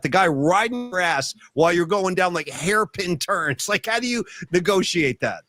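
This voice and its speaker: An animated man with a somewhat high voice hosts a casual podcast chat. He tells long stories and acts out his own yelling along the way. His voice sounds dry and close to the mic. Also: normal speed, few pauses, no echo, soft background music. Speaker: podcast host.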